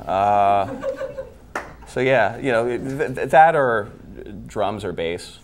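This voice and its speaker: A man playing a dating show contestant, giving deadpan ironic answers. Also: fairly low pitch, takes it slowly, very noisy. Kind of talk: joking game show answers.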